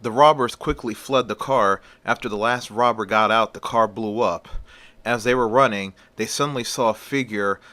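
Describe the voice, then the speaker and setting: A man's voice: on the low side, normal speed, sharp tone. A man casually retelling a story in a rambling, conversational way.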